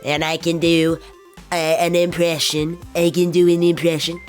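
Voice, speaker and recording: A woman streamer chatting casually and playfully with her viewers, her voice hoarse from being sick. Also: on the low side, flat delivery, a little mellow, soft background music. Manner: playful, quick banter with chat. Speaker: virtual streamer. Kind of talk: casual livestream chat.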